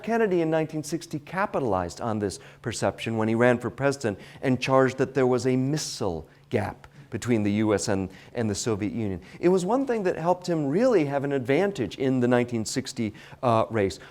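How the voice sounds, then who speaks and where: History professor, lively pitch. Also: male voice. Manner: hesitant, many fillers and restarts. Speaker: history professor giving a lecture. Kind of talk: public lecture. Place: library lecture hall.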